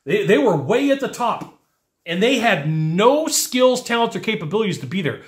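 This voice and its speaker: Energetic male sales coach, a touch high-voiced, recorded in a reverberant room. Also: moderate pace. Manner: animated, acts out whiny customer voices. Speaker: sales trainer. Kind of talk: energetic teaching monologue.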